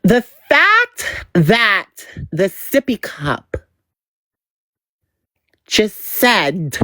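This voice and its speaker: A woman streamer drags out every word at a very slow pace while she runs through gossip on her live. Her low voice swoops widely in pitch, and she leans on teasing, sing-song repetition. The sound is dry and close, with no room sound. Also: huge pitch swings, pushed and bright, no room sound. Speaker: livestream host. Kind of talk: gossip commentary on a livestream.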